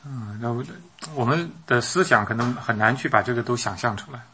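A man's voice: mid-range voice, a little fast, pushed and bright, a little hiss or hum. A man interpreting a sermon live, hesitant, with frequent fillers and restarts.

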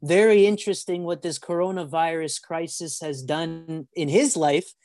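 A man preaching a sermon on a video call, telling stories with animated acted-out voices and often stumbling over repeated words. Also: a little high, moderate pace, soft background music. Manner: animated storytelling, acts out voices.

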